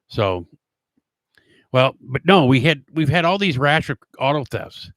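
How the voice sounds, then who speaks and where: A man's voice: mid-range voice, expressive, measured pace, a bit bright, no room sound. A middle-aged man hosting a talk show and telling casual stories. He rambles, with frequent fillers and restarts. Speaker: former police officer. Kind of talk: casual storytelling monologue.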